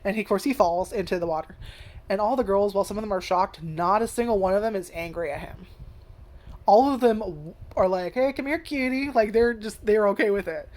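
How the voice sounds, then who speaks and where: A woman's voice: medium pitch, fairly quick, darkish tone. A woman in a mid-range voice rambles through an anime review in a loose, casual way. She leans on fillers and curses freely, slipping into character lines as she recaps. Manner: lots of "like" and restarts.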